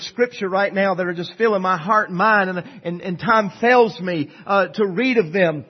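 A male pastor with a high, husky voice preaches emphatically. He drops to near-hushed tones, then swells into loud, ringing declarations. The recording sounds dull and lo-fi. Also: normal speed, few pauses. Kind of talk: sermon.

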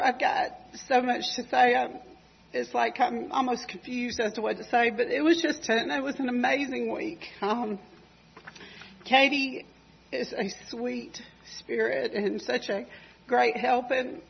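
A woman's voice: on the high side, steady tone, unhurried, vocal fry, slightly rough, dull audio. A woman with a Georgia accent giving a rambling, heartfelt church testimony about a mission trip. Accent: Southern US (Georgia). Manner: rambling, emotional, chatty with fillers. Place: church service.

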